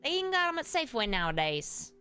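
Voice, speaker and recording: A woman's voice: fairly high pitch, sing-song, fast, sharp tone, smooth, soft background music. A woman doing folksy Southern-drawl streamer Yan. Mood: chatty. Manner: folksy, addresses chat as y'all. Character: folksy Southern streamer character, easygoing and chatty. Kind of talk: live stream chat while playing.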